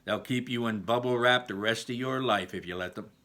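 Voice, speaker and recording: A man voicing a loud, hearty, middle-aged father who talks with jovial bluster and brushes off concerns. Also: brisk, a little hiss or hum. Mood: scoffing. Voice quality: booming, boisterous.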